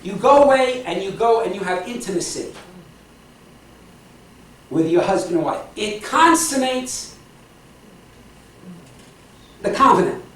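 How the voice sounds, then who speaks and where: A woman's voice: mid-range voice, lively intonation, unhurried, pauses often, a little hiss or hum. A woman preaching a sermon with passion, repeating her phrases and laughing between points. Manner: impassioned, repetitive, laughing asides. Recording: echoey hall from far off.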